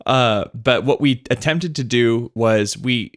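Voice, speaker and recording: A man's voice: medium pitch, slow, no room sound, clean studio sound. A man co-hosting a comedy podcast, reading listener questions and steering the chat earnestly. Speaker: podcast co-host.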